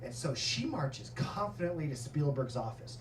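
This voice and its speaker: A male stand-up comedian telling a story in an animated way, acting out characters and swearing often, on stage in a comedy club. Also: a little high, moderate pace, very noisy. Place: comedy club with live audience. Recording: roomy club recording from far off with crowd laughter.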